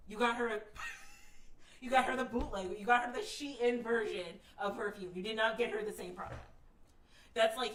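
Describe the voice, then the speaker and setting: A woman's voice: fairly high pitch, fairly even intonation, moderate pace, fairly bright tone, reverberant, recorded from a distance. A woman streamer giving casual commentary while reading online stories aloud. She is frank and emphatic, swears casually, and laughs often. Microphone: streaming setup.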